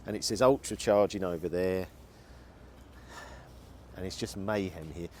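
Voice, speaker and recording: A man's voice: deep voice, measured pace, darkish tone, slight background noise. A man venting his frustration while driving, talking and muttering to himself in a car vlog. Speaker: car vlogger.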